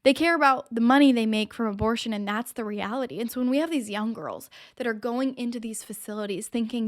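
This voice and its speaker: A woman's voice: on the high side, fairly quick, hardly any pauses. A woman hosting her own show, delivering impassioned, emphatic opinion commentary straight to the viewer. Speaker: show host.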